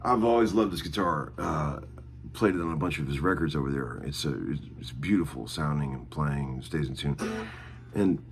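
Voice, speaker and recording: Brief: middle-aged guy, very low voice, easygoing rambling vlog host, faint guitar music behind. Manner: rambling, warm-hearted, many fillers. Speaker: guitarist hosting his own video channel. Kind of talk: casual spoken video update.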